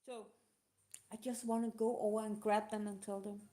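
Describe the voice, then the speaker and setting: Emotional woman answering questions, halting. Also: mid-range voice, flat delivery, mellow. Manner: halting, emotional, non-native phrasing. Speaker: live show host. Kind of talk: casual live talk answering questions.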